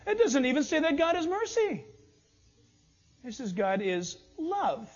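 Animated high-voiced preaching man. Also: unhurried. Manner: animated preaching, acts out little dialogues. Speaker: pastor. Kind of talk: sermon. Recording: dull lo-fi sound.

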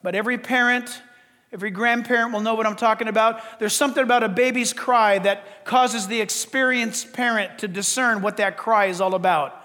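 High-voiced preacher in a reverberant church. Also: male voice, fairly even intonation, brisk, sharp tone. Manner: preaching with rising, impassioned emphasis. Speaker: pastor. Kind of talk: sermon. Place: church sanctuary.

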